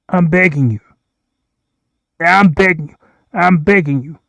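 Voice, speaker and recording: A man's voice: fairly high pitch, measured pace, gravelly, long pauses, a bit bright, dry recording. A man hosting a rambling solo livestream, repeating himself and pleading with the countries he addresses. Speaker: livestream host.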